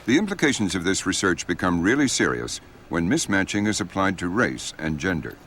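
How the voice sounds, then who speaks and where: A man reading scripted documentary narration in a steady, authoritative way. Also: low voice, fairly quick, a little hiss or hum.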